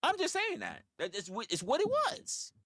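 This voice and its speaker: A man's voice: extremely high pitch, wildly swooping pitch, normal speed, fairly bright tone, no echo, clean studio sound. A man, rambling through profane stories on a casual livestream. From New York. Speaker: livestream host.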